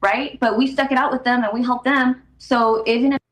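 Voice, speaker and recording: A woman's voice: fairly high pitch, steady tone, fairly quick, fairly bright tone. Earnest woman in an echoey clip. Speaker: interviewee in a played clip. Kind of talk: recounting a story in an interview.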